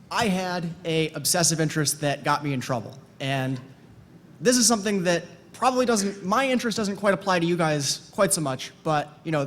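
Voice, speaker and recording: A man speaking at a live conference talk in a hesitant, halting way, with many fillers. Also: on the high side, a little hiss or hum.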